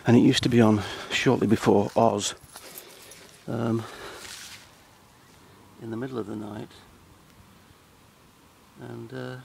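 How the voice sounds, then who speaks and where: A man speaking outdoors on a countryside path in a hesitant, halting, dry deadpan ramble full of ums and restarts. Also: mid-range voice, gravelly, a little hiss or hum, poor audio. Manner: dry, self-deprecating. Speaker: comedy vlogger.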